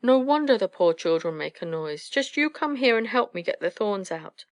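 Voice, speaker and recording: A woman voicing a fussy, anxious mother owl who scolds in a high, shrill voice. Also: animated, normal speed, no echo, close to an everyday voice. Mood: scolding.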